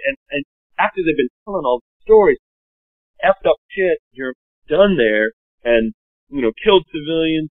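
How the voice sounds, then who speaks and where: A man's voice: mid-range voice, no echo. Guy guest telling stories, lots of "you know", dry close sound, tinny. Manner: rambling, leans on "you know" fillers. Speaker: podcast guest. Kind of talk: casual storytelling chat. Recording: dry, phone-like narrow sound.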